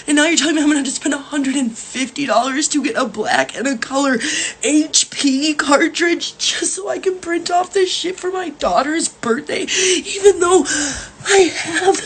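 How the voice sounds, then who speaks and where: A woman with a very high voice vents about a grievance in an angry, profane rant. She is crying as she talks, her words breaking with tears. It is raw and upset. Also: fairly bright tone. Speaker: mother. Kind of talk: ranting phone video.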